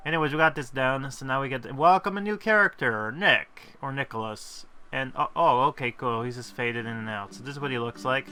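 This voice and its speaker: A man's voice: medium pitch, a little fast, few pauses, sharp tone, clean tone. A man casually commentating while playing a game, rambling and poking fun at himself. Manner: rambling, self-deprecating, with frequent fillers. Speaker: gaming video host.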